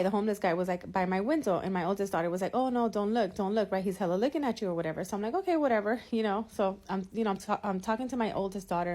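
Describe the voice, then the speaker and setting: A woman at a middle pitch rants through a long storytime, swearing freely. She circles back on herself with "whatever" and "you know" as she vents about her outing with her kids. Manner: animated, profane, rambling with many fillers. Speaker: mother venting in a clip. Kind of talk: ranting storytime. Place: California.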